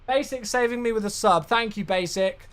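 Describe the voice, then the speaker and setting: A man streaming a flight sim chats casually with viewers, reading chat aloud and thanking subscribers. He's tired from the day and yawning. His voice sits high and is a bit bright and smooth, at normal speed.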